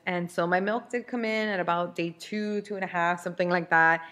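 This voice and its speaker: Speaking fairly quickly with few pauses, a podcast host in her thirties has a voice on the low side with a fairly bright tone. Her personal story comes out candid and chatty, full of restarts.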